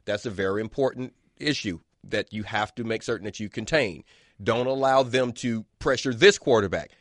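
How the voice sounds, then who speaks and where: A man's voice: fairly low pitch, normal speed, no room sound. Guy breaking down football on the radio, punchy and repeats himself, dry close sound. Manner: emphatic, repeats words for stress. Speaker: football analyst, co-host. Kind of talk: sports radio talk.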